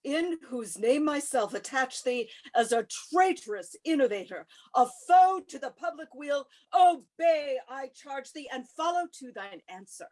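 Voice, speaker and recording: A woman's voice: sits high, lively intonation, unhurried, few pauses, darkish tone. A woman playing a zealous Roman tribune, speaking in an accusing, declamatory way. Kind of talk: stage play reading.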